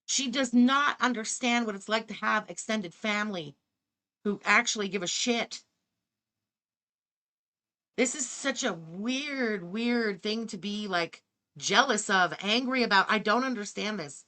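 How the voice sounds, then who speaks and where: A woman's voice: mid-range voice, measured pace, bright, forceful tone. A woman hosting reaction commentary, talking in an incredulous, sarcastic way and swearing freely. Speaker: commentary host.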